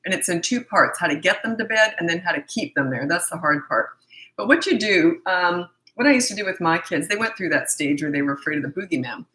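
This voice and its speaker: A middle-aged woman answers parenting questions in a blunt, matter-of-fact way. Her voice sits on the low side but comes out bright and forceful. Her throat is a little scratchy. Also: animated, fairly quick. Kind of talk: casual Q&A advice.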